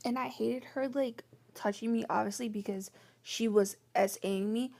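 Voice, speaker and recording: A woman's voice: fairly high pitch, fairly even intonation, normal speed, vocal fry, a little mellow. A young woman telling a personal story in a vlog, venting her frustration and filling her talk with "like". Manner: frustrated, venting, heavy use of "like". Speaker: vlogger.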